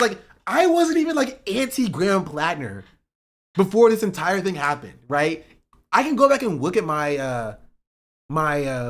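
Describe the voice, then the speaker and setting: A man ranting on a livestream about politics. He swears, says "bro" and repeats himself, swinging between loud outbursts and muttering. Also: fairly high pitch. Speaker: streamer. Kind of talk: heated political rant on a livestream.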